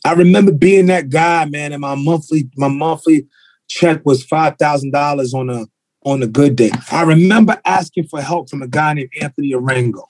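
A man, a martial arts school owner, talking bluntly and telling animated stories with street slang on a podcast. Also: a little high, normal speed, no room sound. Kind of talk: casual podcast conversation. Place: podcast recording.

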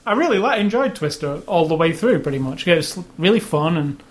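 A man talks loosely on a podcast, his voice sitting a little high for a man. He rambles along with plenty of likes and ums. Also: animated, a little fast. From England. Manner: chatty, rambling, with frequent fillers. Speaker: podcast co-host. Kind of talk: casual chat.

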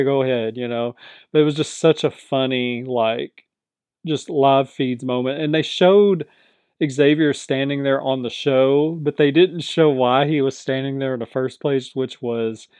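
A man's voice: a little high, no echo. Chatty man recapping with a laugh. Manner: animated storytelling, chuckling often. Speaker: reality TV recap host. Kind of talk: casual recap commentary.

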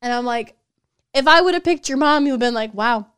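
A woman's voice: high voice, fast, dry recording, clean studio sound. A young woman co-hosting a podcast, animatedly retelling her partner's questions in casual chat. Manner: animated storyteller, quoting her partner, laughing often. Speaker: podcast co-host.

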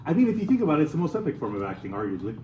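A man's voice: on the high side, huge pitch swings, rapid-fire, reverberant, highs cut off, a crowd in the background. A man hosting a casual podcast chat, laid-back, agreeing a lot and swearing often. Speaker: podcast host.

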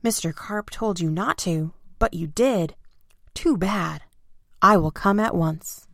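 A woman voicing a brisk, matter-of-fact policeman in a storybook reading. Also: on the low side, fairly bright tone, dry recording, studio quality. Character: grown man, a brisk policeman.

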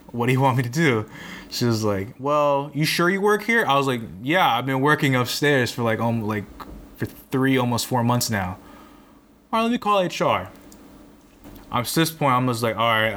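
Young guy, casual rambling storyteller, exasperated and a bit profane, mid-pitched, faint noise behind. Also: fairly bright tone. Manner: rambling, exasperated, swears often.

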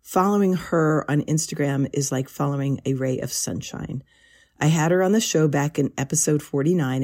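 A woman's voice: low-pitched, mellow. A woman hosting a gardening podcast, introducing guests with a friendly, lightly humorous manner. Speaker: podcast host.

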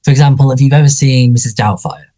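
With a mid-range, mellow voice and quick pace, this male podcast co-host chats informally about a sitcom. He wanders off topic, stops and starts often, and leans heavily on fillers.

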